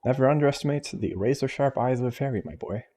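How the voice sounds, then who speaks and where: A man's voice: mid-range voice, fast, mellow, pitched above the performer's own voice, lightly acted. A man voicing a boastful, blunt male fairy sidekick with brash, slangy, teasing talk, reading game dialogue aloud. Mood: cheeky.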